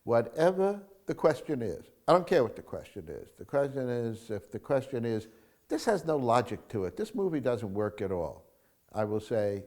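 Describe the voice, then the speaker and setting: A man, a screenwriter, answering interview questions in an emphatic, animated storytelling manner. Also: mid-range voice, normal speed.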